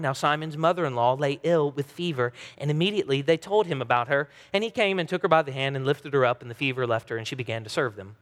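This pastor, a man in his thirties, has a slightly high voice with a fairly bright tone. He preaches earnestly and emphatically, acting out quoted voices dramatically, while the large hall adds a long reverb.

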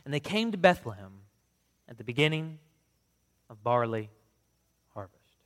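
A man, a pastor, reading scripture and praying in an earnest, measured way, then reading from a book. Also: mid-range voice, big pitch swings, long reverb tail. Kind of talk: sermon reading.

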